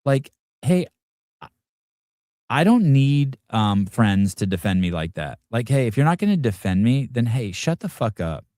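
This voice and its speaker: A man's voice: medium pitch, big pitch swings, measured pace, darkish tone, dry recording. A man hosting a show, giving casual reaction commentary in a combative, profane rant aimed at his audience and producer. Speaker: podcast host.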